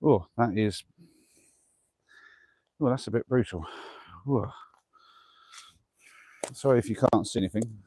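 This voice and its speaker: This English man is live-streaming a camping vlog outside at night, narrating every chore in a chatty, self-deprecating way while huffing from exertion. He speaks in a lowish, mellow, husky voice, unhurried and with long pauses. The recording has no echo.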